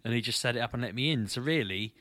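Chatty man telling stories with a bright voice. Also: medium pitch, very fast, no room sound. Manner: laughing, storytelling, teasing. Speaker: podcast co-host. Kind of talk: casual chat among friends.

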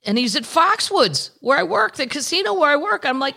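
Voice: high voice, very animated, fairly quick, creaky, bright, forceful tone. A podcast host chatting casually and candidly with frequent swearing, reading news items aloud and adding asides. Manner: candid, profane, rambling. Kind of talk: casual chat.

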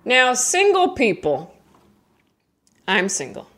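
A young adult woman doing stand-up comedy, unhurried in her delivery. Her voice rises and falls widely as she rambles through silly, self-deprecating stories. She sometimes jumps into high, squeaky voices for imagined friends. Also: huge pitch swings, a bit bright.

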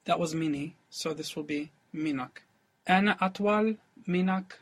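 Man, higher-pitched voice, language student, short tentative answers. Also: a little slow, a little hiss or hum.

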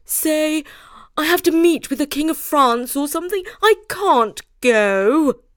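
A woman's voice: high-pitched, lively intonation, a little slow, no echo, voice pushed up. A panicky rich young man from a read-aloud children's story, whining and stumbling over his words, as a woman puts him on. The voice sits well above the reader's own and sounds strained. The recording is dry and close. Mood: pleading. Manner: stammering, whiny.

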